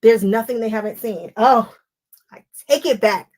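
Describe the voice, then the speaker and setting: A woman's voice: high-pitched, lively intonation, fairly quick. Chatty woman hosting a crafting livestream. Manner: chatty, goes off on tangents, laughs, talks to viewers by name. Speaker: quilting livestream host. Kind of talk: casual live crafting chat.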